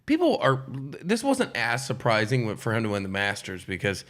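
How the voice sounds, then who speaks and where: A man, a stand-up comedian, telling animated stories in casual podcast chat and acting out the voices of the people in them. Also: lowish voice, normal speed. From United States. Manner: animated storyteller, acts out quoted voices.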